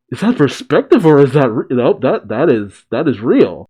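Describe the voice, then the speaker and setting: A man giving casual reaction commentary on a comic chapter. He gets excitable, swears, and laughs often. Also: medium pitch, moderate pace, hardly any pauses, husky. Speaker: reaction video host.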